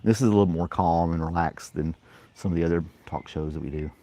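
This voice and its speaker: A man hosting a casual morning live stream, talking playfully to his dog and catching his breath between bursts of play. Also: fast talker. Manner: playful baby-talk to his dog, high and loud. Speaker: host.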